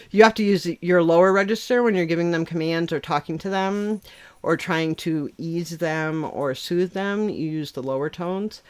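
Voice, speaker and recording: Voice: medium pitch, measured pace, clear, resonant tone. Blunt, laughing livestream host. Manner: blunt, swears freely, laughs often. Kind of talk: casual livestream chat.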